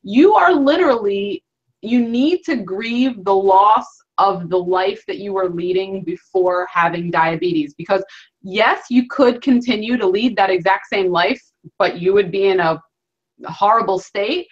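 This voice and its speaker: A woman hosts an interview over a video call, offering earnest, reflective commentary and circling back to restate her points. Her voice is mid-range and her pace measured, with dull, lo-fi call audio.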